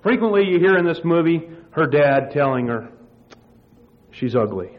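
A man's voice: on the high side, animated, moderate pace. Male preacher, muffled lo-fi sound. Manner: storytelling, rambling with restarts. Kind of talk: sermon. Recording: muffled lo-fi sermon recording.

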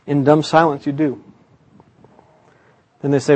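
A man preaching a dramatic sermon story, swinging between loud bursts and hushed, quiet passages. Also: a little high, flat delivery, measured pace.

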